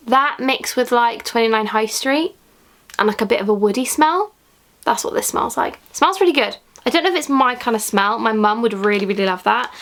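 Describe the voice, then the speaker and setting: A young woman talks through an unboxing with breathless excitement, gushing over each product and now and then sinking into an awed whisper. Her voice sits a little high, with a gravelly edge of fry at the ends of phrases. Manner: gushing, excitable, drops into whispers when thrilled. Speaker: beauty vlogger. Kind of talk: unboxing vlog, casual chat.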